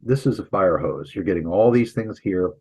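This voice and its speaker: A man with a husky, lowish voice gives a classroom lecture on Greek grammar. He explains things casually, breaking off to restart sentences and throwing in light asides. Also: moderate pace, low-quality recording. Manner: relaxed, chatty teaching with restarts and asides. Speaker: Greek instructor and pastor.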